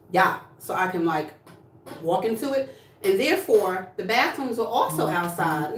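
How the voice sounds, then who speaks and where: Blunt, sassy woman livestreaming, mid-pitched, standing back from the mic in an echoey room. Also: animated, a little slow, distant mic, slight background noise. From New Jersey. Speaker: livestream host. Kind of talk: casual livestream chat. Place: home room, indoors.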